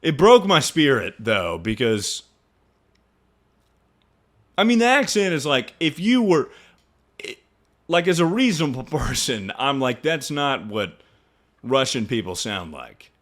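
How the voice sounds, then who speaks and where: A man's voice: measured pace, pauses often. A young male streamer telling a story to his chat in casual talk, swearing freely and sounding incredulous. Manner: animated, incredulous, swears freely, jumps to high pitch when mocking.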